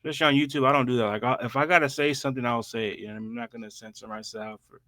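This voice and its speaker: A man's voice: mid-range voice, fairly even intonation, racing, pushed and bright, no echo. A man talking as a podcast guest in casual chat, blunt and emphatic about speaking his mind. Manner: blunt, emphatic, uses "bro" and "me personally".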